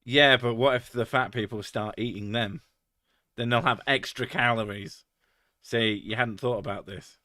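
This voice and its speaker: A man's voice: medium pitch, fairly even intonation, normal speed, bright, forceful tone, no echo. Sweary man streaming, dry sound. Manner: sweary, crude joking, laughs often. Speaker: streamer reading chat. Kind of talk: casual live-stream chat.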